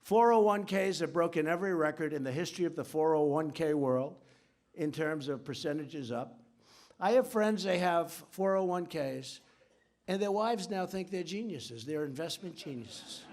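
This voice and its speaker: A man's voice: fairly high pitch, moderate pace, a little mellow. Boastful rambling man at a podium. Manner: rambling, repetitive, boastful asides. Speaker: politician giving a speech. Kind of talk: off-the-cuff political speech. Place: large conference hall with audience.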